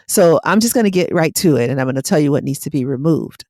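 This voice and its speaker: A woman's voice: deep voice, lively intonation, fast talker, dark tone, no room sound, clean studio sound. A middle-aged woman hypnotherapist giving a casual, blunt and direct motivational talk on her podcast.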